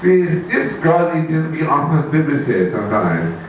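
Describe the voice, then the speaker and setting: A man doing rambling stand-up at an open mic, packing his stories with "like" and squeaky quoted voices. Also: very animated, normal speed, recorded from a distance, lo-fi sound, a little hiss or hum. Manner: rambling, fillers of "like", high mock voices for quoted friends. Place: small open mic venue. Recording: very echoey room, mic from afar.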